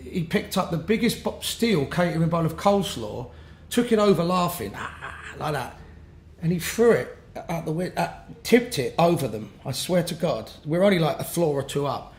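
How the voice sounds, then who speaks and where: A sing-song, somewhat high voice at normal speed belongs to a musician from London being interviewed. He tells casual, wandering anecdotes, laughing and restarting many times, and the recording is roomy with faint background noise.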